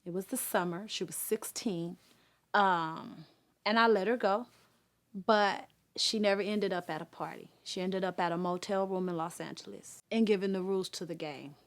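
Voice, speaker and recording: A woman in her forties telling her personal testimony in an earnest, halting way. She pauses often with fillers and raises her voice as she acts out remembered conversations. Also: fairly low pitch. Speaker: guest sharing her testimony.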